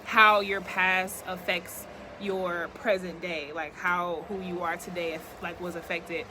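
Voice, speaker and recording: In a casual, reflective talk to camera, a young woman vlogger rambles with many filler words while outdoors near yard work. Her voice is fairly low and sharp, delivered flatly and a little slowly, with slight background noise.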